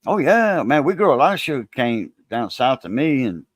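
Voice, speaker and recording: A man's voice: medium pitch, sing-song, moderate pace, dry recording. A man hosting a livestream, rambling in a folksy, casual way and greeting viewers. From Louisiana. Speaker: livestream host.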